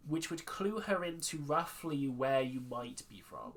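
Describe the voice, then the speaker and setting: A game master running a tabletop session, relaxed and loose. Scenes are laid out with plenty of fillers in a casual, easygoing flow. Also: mid-range voice, slow. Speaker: dungeon master.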